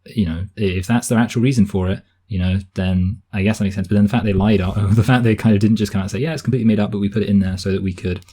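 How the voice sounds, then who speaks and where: A man with a southern English accent chats through a film review, thinking aloud with plenty of restarts. His voice sits a little low, with a dark, mellow tone and a breathy, husky edge. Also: steady tone, racing, hardly any pauses. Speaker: podcast co-host reviewing films. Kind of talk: casual chat.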